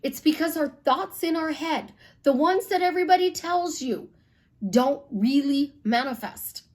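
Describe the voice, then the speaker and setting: A woman from Chicago, a life coach, telling stories bluntly in an animated, casual monologue with some swearing. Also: sits high, measured pace.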